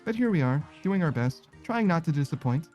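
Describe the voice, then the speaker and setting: A man's voice: a little high, big pitch swings, brisk, darkish tone, muffled recording, faint music behind. A man casually chatting with viewers while he plays a game, rambling, self-conscious and laughing often. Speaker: streamer.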